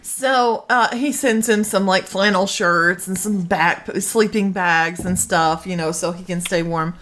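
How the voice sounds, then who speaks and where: A woman's voice: on the low side, fairly even intonation, measured pace, fairly bright tone. A woman co-hosting a podcast, chatting casually and telling anecdotes, acting out the people she quotes. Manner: storyteller who acts out quoted people. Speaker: podcast co-host.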